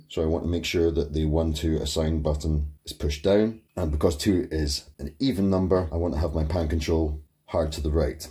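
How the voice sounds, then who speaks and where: A man hosting an equipment tutorial in his home studio. His voice is very deep and dark, with a husky texture. He explains each step methodically. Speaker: tutorial host.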